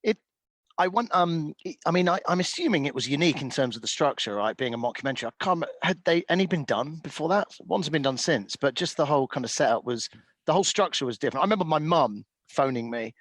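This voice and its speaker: A man's voice: a little high, animated, fast talker, fairly bright tone, dry recording. Male podcast host asking hesitant questions. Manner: brief encouraging interjections, hesitant questions. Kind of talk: casual interview chat.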